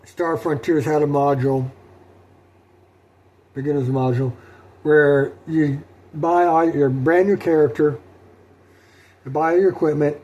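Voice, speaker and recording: A middle-aged man talking through his solo tabletop role-playing session in a rambling, halting way, with many fillers and restarts. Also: a little high, fairly even intonation, mellow, dull audio. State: sleepy, yawning. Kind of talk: rambling casual talk.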